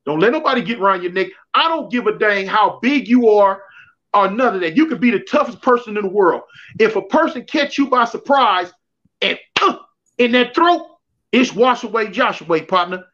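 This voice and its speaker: On dull, lo-fi livestream audio, a high-pitched man speaking at normal speed calls in to share prison tales. His storytelling is casual and animated, full of slang and repetition.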